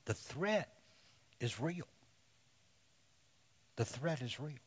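A man preaching a sermon to men in slow, deliberate phrases that often sink to a hush. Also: on the high side, animated, slightly rough, dull audio. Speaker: pastor.

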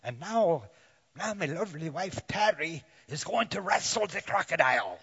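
A man putting on an excited male Australian wildlife showman with a loud, clumsy mock accent. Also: fairly high pitch, normal speed, breathy edge, long reverb tail, lo-fi sound, voice pushed up, heavily acted.

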